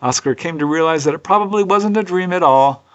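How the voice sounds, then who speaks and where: A man's voice: a little high, brisk, muffled recording. Earnest man recounting cases. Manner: earnest, conversational, with personal asides. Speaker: UFO researcher and author presenting cases. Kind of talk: unscripted storytelling narration.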